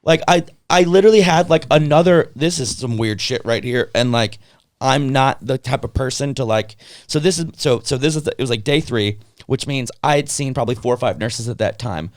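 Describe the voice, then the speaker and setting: A young adult man co-hosting a podcast, telling a story in a rambling, animated way and acting out what other people said. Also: mid-range voice, fairly quick, no echo, studio quality. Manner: animated, acts out other people's lines in shifting voices; rambling, heavy on filler words and restarts. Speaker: podcast co-host. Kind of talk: casual storytelling chat.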